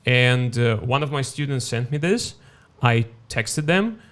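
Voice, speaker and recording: A man's voice: medium pitch, expressive, measured pace, a bit bright. Hesitant Russian man on a podcast. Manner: hesitant, many fillers and restarts, laughs while telling. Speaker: podcast guest. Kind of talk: casual chat.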